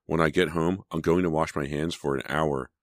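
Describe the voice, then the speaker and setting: An honest, cautious teenage girl, as a deep-voiced man puts her on for an audiobook. She speaks earnestly and warily, pitched well above his low natural voice. The recording is dry and close. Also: steady tone, normal speed, no room sound. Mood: reassuring. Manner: earnest, wary.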